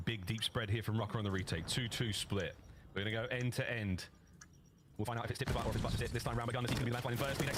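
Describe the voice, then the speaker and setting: A man giving rapid, excitable play-by-play commentary on an esports match, voice rising sharply on big plays. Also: mid-range voice, slight background noise. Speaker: esports caster.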